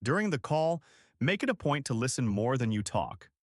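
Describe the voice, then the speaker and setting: A man giving scripted instructional narration in a clear, deliberate coaching manner. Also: medium pitch, sing-song, dry recording, studio quality.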